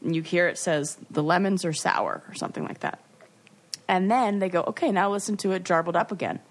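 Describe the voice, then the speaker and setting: A woman co-hosting a podcast, retelling what she watched in a lively, chatty way with restarts and playful asides. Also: lowish voice, quick pace. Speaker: podcast co-host. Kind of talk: casual chat.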